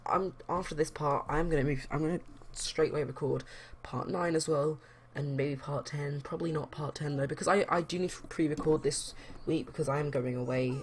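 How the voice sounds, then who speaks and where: A woman's voice: low voice, a little hiss or hum. A young woman chatting casually as a let's play host, rambling with lots of fillers. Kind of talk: casual game commentary.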